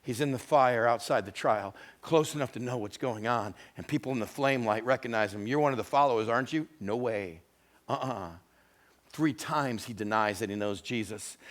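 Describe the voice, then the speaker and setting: A male pastor delivering a sermon, retelling scripture stories with acted-out voices, moving between hushed, intimate moments and loud, emphatic ones. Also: medium pitch, brisk. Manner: dramatic storytelling, acting out voices of scripture figures.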